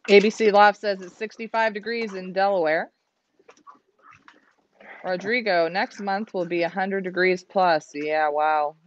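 A woman's voice: mid-range voice, steady tone, a little slow, lo-fi sound, a little hiss or hum. A woman from Canada hosting a livestream, chatting and reading out viewer comments. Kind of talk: casual livestream chat.

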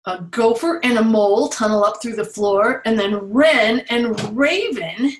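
A woman reading a picture book aloud to children at storytime, playful and animated, laughing often. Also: on the high side, measured pace, roomy sound, a little hiss or hum, poor audio. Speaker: children's museum storytime reader.

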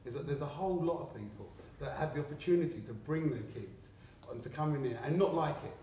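A man's voice: fairly high pitch, lively intonation, quick pace, dark tone. A man from England in casual gallery talk, rambling, swearing and laughing as he tells stories. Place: art gallery, indoors. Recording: very echoey room, mic far off, faint background noise.

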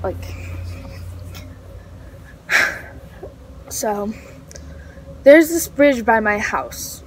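A woman's voice: on the high side, a little hiss or hum, low-quality recording. A teenage girl telling a story in a casual vlog, rambling with lots of fillers and self-corrections. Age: teens. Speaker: vlogger.

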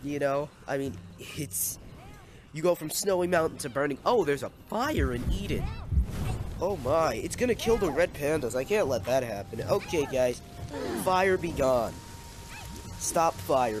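A man's voice: on the high side, lively intonation, unhurried. Playful man scolding game villagers. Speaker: gameplay commentator. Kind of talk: casual gameplay commentary.

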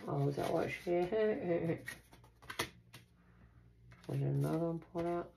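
Low gravelly-voiced woman reading cards. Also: takes it slowly. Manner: chatty, repeats reassurances, drawls "collective". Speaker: tarot reader. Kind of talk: casual spiritual card reading to camera. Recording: noisy home recording.

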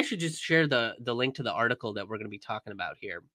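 A man's voice: mid-range voice, animated, fast, hardly any pauses, pushed and bright, dry recording. A young man commenting in a casual stream, angry and profane, with many fillers and restarts.

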